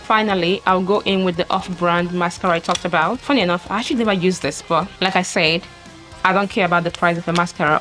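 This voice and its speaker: A woman's voice: fairly low pitch, fairly bright tone. A woman vlogger talking through a mascara tutorial step by step, chatty and exclaiming often. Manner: chatty, narrates each step with frequent exclamations. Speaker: makeup vlogger. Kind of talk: casual makeup tutorial.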